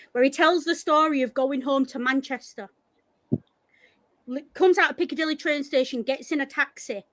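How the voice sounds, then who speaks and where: A woman with a Yorkshire accent chatting casually on a podcast, animated and blunt, swearing freely. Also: high-pitched. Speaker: podcast co-host. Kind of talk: casual chat.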